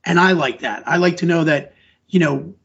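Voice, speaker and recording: Middle-aged man, teacher type, slightly high husky voice, earnest and rambling in an interview, dull recording. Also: moderate pace, a bit bright. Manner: earnest, rambling, restarts sentences. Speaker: elementary school teacher. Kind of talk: conversational podcast interview answers. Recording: dull lo-fi audio.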